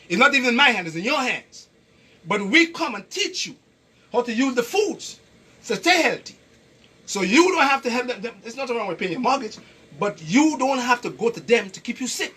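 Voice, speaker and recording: A man's voice: very high-pitched, pushed and bright, husky. A man with a Caribbean accent giving a preachy, emphatic health talk, repeating his points and quizzing the people listening. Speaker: health educator. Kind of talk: lively health talk to an audience.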